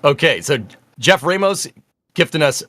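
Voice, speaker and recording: A man's voice: on the high side, expressive, normal speed, bright, forceful tone. A man hosting a casual livestream, upbeat and chatty, reading viewer messages aloud. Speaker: livestream host.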